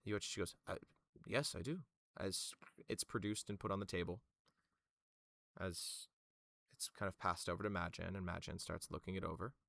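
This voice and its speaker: A man narrating a tabletop game as the game master, in slow, descriptive narration. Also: low voice, flat delivery, gravelly, a bit bright, dry recording.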